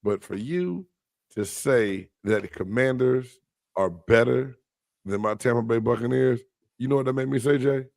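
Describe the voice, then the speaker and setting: A male podcast co-host who defends his football team with emphatic, argumentative energy. His voice sits in a middle pitch range. The sound is dry and close to the mic. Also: moderate pace, vocal fry, a little mellow, no room sound. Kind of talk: casual sports debate.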